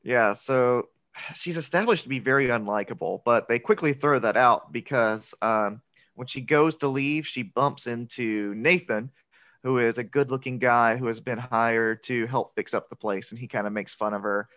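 A medium-pitched man speaking at normal speed casually recaps a movie as a podcast co-host. He is chatty, laughs often and quotes lines in excited voices, in a dry, dull lo-fi recording with no room sound.

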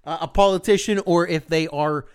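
A man's voice: on the high side, steady tone, brisk, clear, resonant tone. A man co-hosting a podcast in casual chat, joking and swearing loosely. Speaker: podcast co-host.

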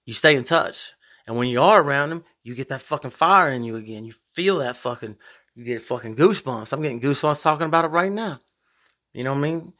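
A man hosting a podcast, talking in a profane, rambling monologue with big emphatic swings in pitch. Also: brisk, sharp tone. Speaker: podcast host. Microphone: podcast microphone.

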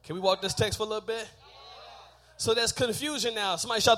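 Texan preacher guy, really high bright voice, goes from storytelling to full-on shouting, has the church call back to him. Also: steady tone, fast talker. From Texas. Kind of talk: sermon. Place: church sanctuary.

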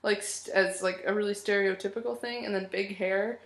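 Woman co-host, sick with a cold, lounging and chatting casually; gravelly tone. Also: mid-range voice, fairly quick, echoey room. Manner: relaxed, chatty, lying on a couch. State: sick, sniffling. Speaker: podcast co-host. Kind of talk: casual chat. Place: living room.

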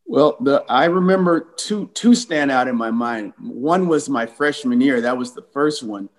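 A man in his sixties from California, a former football player telling lively game stories as an interview guest. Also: medium pitch, a little slow, poor audio. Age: 60s. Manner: animated, acts out the voices in his stories. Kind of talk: casual storytelling interview.

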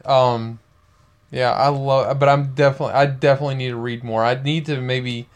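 A man's voice: medium pitch, little pitch movement, a little fast. Young guy on a podcast, earnest and thoughtful, just chatting. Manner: earnest, reflective. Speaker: podcast co-host. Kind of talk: casual chat.

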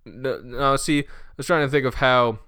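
A young man co-hosting a podcast, animatedly pitching a made-up movie plot and acting out the characters' lines. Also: normal speed, sharp tone, clean tone, no room sound, clean studio sound. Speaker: podcast co-host.

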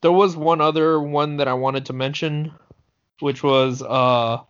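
A man's voice: on the high side, fairly even intonation, measured pace, a bit bright, clear, resonant tone. A man co-hosting a podcast, talking casually and hesitantly with many restarts. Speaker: podcast co-host. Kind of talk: casual chat. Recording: dull lo-fi sound.

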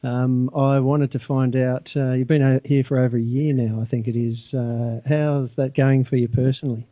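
A man interviewing a club executive, asking measured questions with fillers. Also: mid-range voice, little pitch movement, no echo. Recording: tinny dry phone line.

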